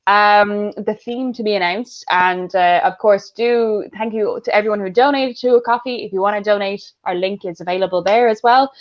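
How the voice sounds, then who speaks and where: An Irish woman co-hosting a casual chat show, talking fast and bluntly. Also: medium pitch, fairly even intonation. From Ireland. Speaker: co-host. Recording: dull lo-fi audio.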